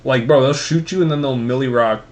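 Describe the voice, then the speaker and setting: A man's voice: medium pitch, a little fast. A young man co-hosting a casual podcast, telling rambling, profane stories between games. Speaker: podcast co-host. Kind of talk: casual chat while gaming.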